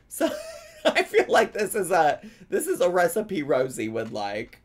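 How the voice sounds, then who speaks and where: A man live-streaming from home, reacting to a cooking video with wry, giggly commentary and thinking out loud. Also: high-pitched, very animated, measured pace. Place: home with his dog.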